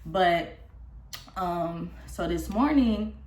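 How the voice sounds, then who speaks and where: A young woman telling a casual storytime vlog, recounting a falling-out in a candid, profane and animated way. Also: on the low side, very slow. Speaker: vlogger. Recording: roomy echo.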